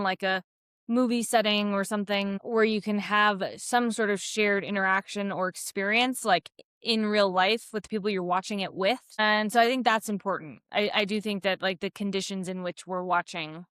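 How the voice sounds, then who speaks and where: A woman co-hosting a podcast, speaking in a thoughtful, measured way with hesitant restarts. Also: medium pitch, fairly bright tone, clear, resonant tone, dry recording, studio quality. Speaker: podcast co-host. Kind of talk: casual conversational chat.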